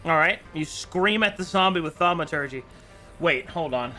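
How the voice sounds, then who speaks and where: Bright-voiced man running the game. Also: a little high, faint music behind. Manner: casual, laughing, quick rulings. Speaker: dungeon master. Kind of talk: running a tabletop game online.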